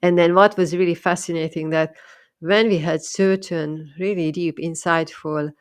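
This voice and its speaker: A woman's voice: fairly low pitch, fairly even intonation, normal speed, clear, resonant tone, no room sound, clean studio sound. A woman talking thoughtfully about her experiences as a medium, often repeating and restarting words. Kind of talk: casual monologue.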